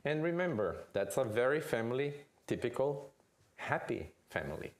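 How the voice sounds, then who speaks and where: A man giving a lecture at a spiritist center, telling a family story with lively delivery and often asking "okay?". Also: medium pitch, moderate pace. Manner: animated storyteller, checks in with "okay?".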